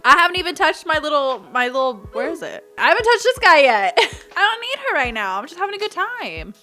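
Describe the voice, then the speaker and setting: Bright, gushing woman reacting to a movie. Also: high-pitched, big pitch swings, a little fast, soft background music. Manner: gushing, emotional, laughs often. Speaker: reaction YouTuber. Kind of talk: casual movie reaction commentary.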